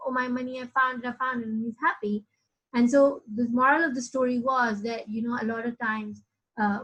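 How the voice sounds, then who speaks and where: A woman leads a reflective spiritual lesson in a husky, breathy voice that sits a little high. Her pitch stays fairly level as she works through her thoughts slowly, with many pauses and restarts. At the close she turns to soft, pleading prayer. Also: low-quality recording. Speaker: Quran study teacher.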